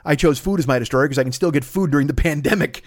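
In clean, dry studio sound, a podcast host with a voice on the high side talks quickly through a profane, meandering comedy monologue. He swears constantly and keeps slipping into singing and character voices.

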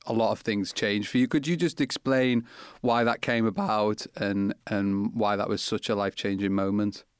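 A man's voice: on the low side, steady tone, normal speed, smooth, no echo. Podcast host man, dry close voice. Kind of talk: scripted intro and interview questions.

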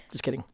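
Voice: a little mellow, no echo. A podcast co-host in casual chat, joking constantly, laughing a lot and swearing freely.

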